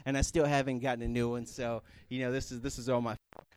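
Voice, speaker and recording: A young man giving a casual, comedic sermon, animated and joking as he acts out people praying. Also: mid-range voice, fast, smooth, dry recording. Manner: animated, jokey, acts out prayers in put-on voices. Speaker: youth speaker.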